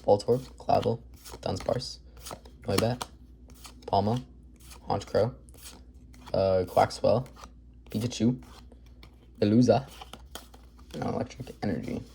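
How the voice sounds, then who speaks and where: A man with a mellow, warm voice gives upbeat, chatty commentary while opening card packs. He rattles off names one after another in a casual way. There's a faint noise floor behind him. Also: fairly low pitch, slow, creaky, pauses often. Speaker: card collector video host.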